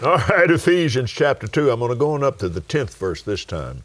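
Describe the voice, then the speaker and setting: With big pitch swings in a mid-range voice, an older West Texas man who preaches and hosts on television teaches in a studio conversation. He goes slowly and emphatically, drawing out key words and breaking into praise.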